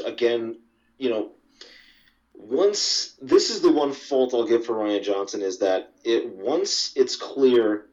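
A man's voice: mid-range voice, a little mellow. Podcast host, male, casual and profane, lo-fi dull mic. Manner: profane, rambling, laughs often. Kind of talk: casual movie chat.

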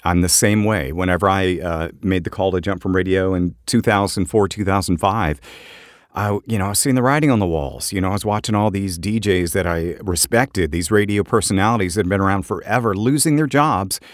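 A man with a very low voice chats casually on a podcast, wandering through his points with plenty of fillers. He sounds close and dry, recorded in a home voiceover booth. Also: a little fast, dry recording. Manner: easygoing, rambling, many fillers. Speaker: podcast co-host, voice actor.

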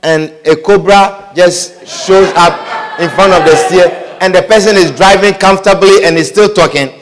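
A man's voice: high voice, normal speed, crowd noise. A man pastor preaching a sermon, acting out scripture quotes and everyday scenes with frequent laughter.

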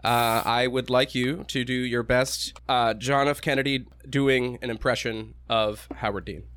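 A man's voice: medium pitch, steady tone, a little slow, a bit bright, smooth. A man co-hosting a podcast, chatting in a teasing way. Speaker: podcast co-host. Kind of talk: casual chat.

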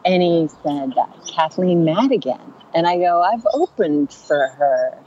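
Woman comedian, low voice, chatty storyteller acting out quotes, slightly muffled recording with faint hiss. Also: expressive, measured pace, dark tone. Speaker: stand-up comedian and rideshare driver. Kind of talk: casual storytelling on a podcast.

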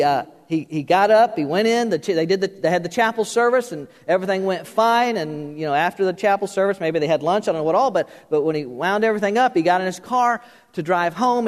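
A man preaching a sermon, telling a story with lively emphasis and repeated words, then dropping soft and low to drive a point home. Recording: reverberant hall.

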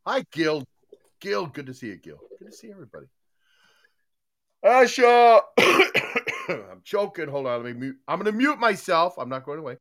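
A man's voice: fairly high pitch, very animated, normal speed, a bit bright. An older man hosting a casual live podcast, rambling with lots of fillers and folksy, chummy greetings. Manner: rambling, loose, many fillers and restarts. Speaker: podcast host.

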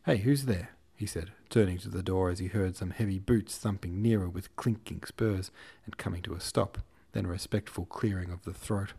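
A man's voice: low voice, steady tone, normal speed, creaky, few pauses, warm tone, slightly rough. A man podcast host reading a novel aloud in an irreverent, swearing style with cheeky asides. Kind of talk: irreverent audiobook narration.

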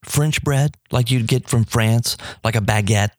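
Excitable New radio host, man. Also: measured pace, no room sound, clean studio sound. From New Orleans. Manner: enthusiastic, rambling, pitch jumps when excited. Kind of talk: radio talk about food.

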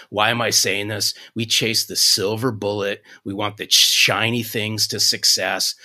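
A man in his fifties, a sales coach guest on a podcast, telling a story in an animated, folksy way. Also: fairly low pitch. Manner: animated, restarts sentences, folksy.

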